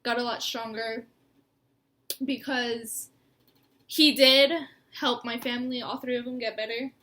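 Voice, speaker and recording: Tearful young woman, high bright voice, rambling sit-down confession. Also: flat delivery, a little slow. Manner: rambling, laughing through tears. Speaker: co-host. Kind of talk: emotional personal sit-down talk. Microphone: mic.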